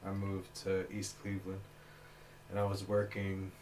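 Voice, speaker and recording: A man's voice: sits low, completely flat delivery, unhurried, darkish tone, slight background noise. A man from Alabama co-hosting a podcast, telling stories in a laid-back way and swearing freely. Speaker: podcast co-host. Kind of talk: casual storytelling.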